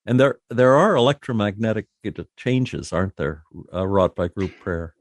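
A man interviewing a guest, asking slow, thoughtful questions. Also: fairly low pitch, lively intonation, no echo.

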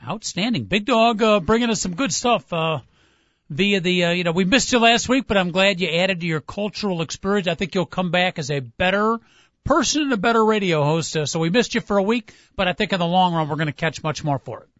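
High-pitched guy hosting sports radio, folksy and rambling, kinda muffled dry sound. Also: lively intonation, a bit bright, no echo. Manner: folksy, drawn-out musing, plugs the call-in line. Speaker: radio host. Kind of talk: casual sports radio banter.

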